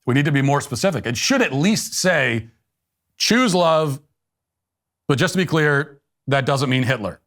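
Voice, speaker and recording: A middle-aged man hosts a political talk show, delivering a sarcastic monologue in a deadpan, mock-earnest tone. His mid-range voice moves at an unhurried pace.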